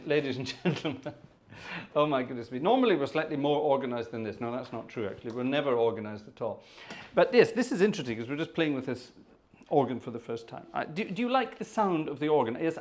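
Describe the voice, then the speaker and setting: A man hosting a casual organ livestream from his upstairs room at home, chatting and joking with viewers. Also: medium pitch. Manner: chatty, jokey, animated, thanks viewers by name. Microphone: room microphone.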